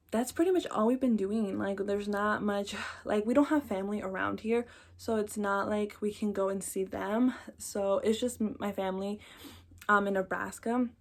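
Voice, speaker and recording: A woman's voice: medium pitch, creaky. Chatty young woman vlogging. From Mexico. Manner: chatty, rambling, lots of fillers like "like" and "um". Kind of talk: casual chat to camera.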